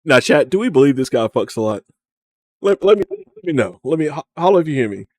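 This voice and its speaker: A man's voice: a little high, very animated, fairly quick, a little mellow, dry recording, studio quality. Mocking man streaming. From American South. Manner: mocking, laughing, profane. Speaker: streamer reacting to a video. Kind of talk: casual live commentary.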